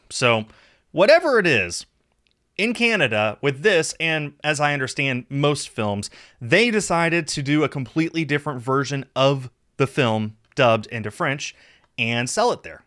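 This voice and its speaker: An American man hosting his own collector video, talking in a casual, rambling way with lively jumps in pitch. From United States. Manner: rambling, chatty, animated pitch swings. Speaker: video host.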